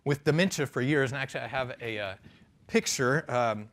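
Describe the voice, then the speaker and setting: A man delivers a conference keynote in a relaxed, friendly way, often restarting sentences and adding fillers. His voice sits at a middle pitch, and he speaks on a microphone in a conference hall. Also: a little fast. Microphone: handheld or stand microphone.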